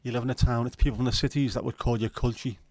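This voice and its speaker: A man's voice: mid-range voice, fairly even intonation, racing, a little mellow, no room sound. A man with a Liverpool accent hosting a livestream, chatting casually and bluntly with plenty of swearing while reading viewer comments. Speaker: livestream host.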